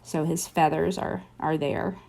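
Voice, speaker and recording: A woman teaching a relaxed doodling lesson, narrating each pencil stroke in a chatty way. She keeps up a steady stream of encouragement and thinks aloud as she sketches. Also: low voice, a little slow, vocal fry. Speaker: drawing teacher. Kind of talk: casual drawing tutorial.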